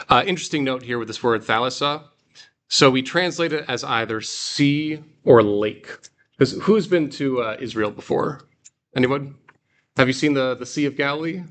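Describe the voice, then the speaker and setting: A man's voice: medium pitch, moderate pace, a bit bright. A man leading a guided reading class, explaining step by step with frequent fillers and restarts. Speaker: Greek teacher.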